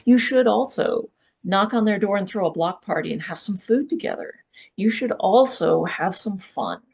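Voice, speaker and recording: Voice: medium pitch, expressive, moderate pace, gravelly, darkish tone, slightly rough. A workshop speaker giving a live public talk, direct and urging, who often checks in with the audience.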